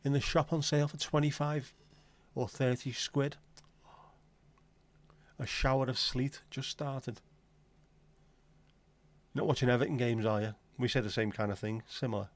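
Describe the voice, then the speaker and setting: A man's voice: medium pitch, steady tone, measured pace, pauses often. A man hosting a casual livestream chat, rambling and joking with frequent swearing. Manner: rambling, jokey and sweary, slips into silly voices. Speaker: livestream host.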